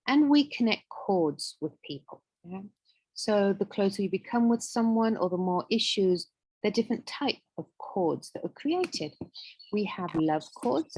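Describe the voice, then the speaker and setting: Gentle woman teacher with a husky voice. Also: mid-range voice, dry recording, poor audio. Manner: gentle, checks in often with "yeah?" and "right?". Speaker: wellbeing course teacher. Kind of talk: guided group class talk.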